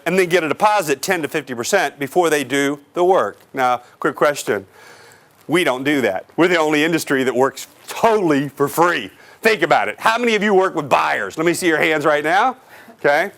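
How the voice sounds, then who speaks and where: A man giving an energetic real estate sales training seminar to a live audience, asking the crowd questions and acting out clients. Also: sits high. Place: office or meeting room with an audience.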